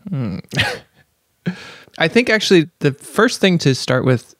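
A man's voice: mid-range voice, vocal fry, no room sound, clean studio sound. A man co-hosting a podcast who explains ideas thoughtfully in loose, casual chat. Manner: thoughtful, loose, many fillers. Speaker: podcast co-host.

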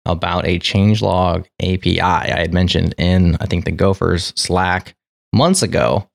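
A man's voice: low-pitched, steady tone, unhurried, gravelly, dry recording, clean studio sound. A man hosting a podcast, chatting in a rambling, friendly way that often corrects itself. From United States. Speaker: podcast host. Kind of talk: casual chat.

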